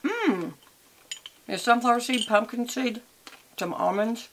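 A woman's voice: a little high, animated, slow pace, pauses often, very noisy. A middle-aged woman with a drawl talks through her makeup routine in a loose, rambling way. She chats to her viewers like friends and drifts from topic to topic without any script. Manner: chatty, rambling, talks while applying makeup and eating. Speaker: beauty and lifestyle vlogger. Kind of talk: casual makeup and chat vlog.

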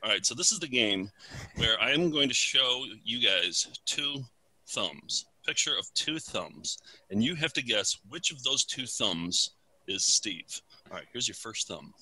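A man hosting a silly mock game show in slow, sweeping tones. His voice is very bright and a little husky, with music playing faintly behind. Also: medium pitch, poor audio. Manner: slow, lively mock announcer delivery. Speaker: podcast co-host presenting a game.

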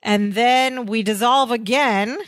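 A woman's voice: a little high, slow, no echo. A woman co-hosting a podcast, chatting casually and retelling sitcom scenes with quoted lines. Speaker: podcast co-host. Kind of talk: casual chat recapping a sitcom episode.

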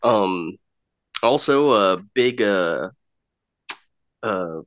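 Joking low-voiced podcast co-host man. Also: animated, extremely slow, a bit bright, muffled recording. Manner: joking, drops into silly voices. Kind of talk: casual chat.

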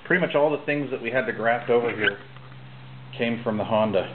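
A man giving a relaxed, hesitant walkthrough of his home mechanic work, with many pauses and fillers. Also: mid-range voice, noisy background. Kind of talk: casual walkthrough demo. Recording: tinny phone-like camcorder audio.

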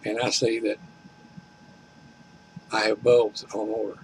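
Older man with a gravelly voice, telling a folksy, complaining home-vlog story. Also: lowish voice, level tone, takes it slowly, a little mellow, a little hiss or hum, rough recording. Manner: folksy, complaining, retells conversations. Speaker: vlogger. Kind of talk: rambling storytelling.

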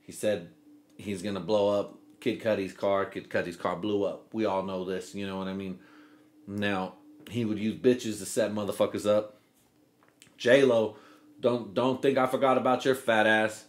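A man's voice: lowish voice, steady tone, moderate pace. Comedy podcast host, male, loose and profane, rambles and does goofy quote voices.

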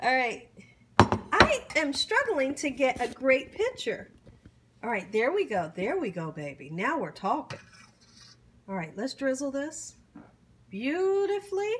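A middle-aged woman films a casual food-tasting vlog in a high, very animated voice at a measured pace with long pauses and slight background noise. She savors each bite with hums, whoops and grateful exclamations, adding warm churchy blessings.

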